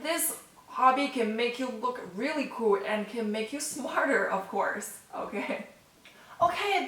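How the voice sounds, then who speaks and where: A woman's voice: high-pitched, a bit bright, distant mic. A woman teaching a casual online language lesson, friendly and chatty, often checking in with "okay?" and "right?". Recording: roomy, voice set back from the mic.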